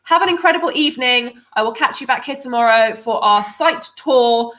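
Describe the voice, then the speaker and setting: A woman's voice: fairly high pitch, moderate pace, a bit bright. A woman hosting a casual live stream, bubbly and chatty with lots of fillers. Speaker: host of a nutrition membership livestream.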